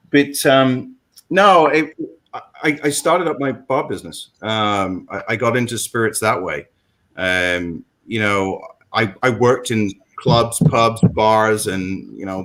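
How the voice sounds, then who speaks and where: On a rough recording, a middle-aged man from England speaks in a lowish, fairly bright voice with a London accent. As a guest in a relaxed conversation, he recounts his story, rambling and often restarting amid many fillers.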